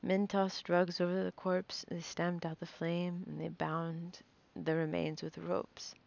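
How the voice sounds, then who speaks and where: Low, gravelly woman reading a novel aloud. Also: level tone, slow pace, darkish tone, lo-fi sound. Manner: nervous, stumbling and self-correcting. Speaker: reader.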